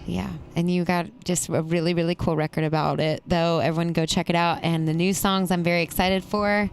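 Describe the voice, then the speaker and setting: A woman's voice: lowish voice, steady tone, brisk, clean tone. A woman hosting a casual podcast interview, chatty and enthusiastic, exclaiming often. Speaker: podcast host.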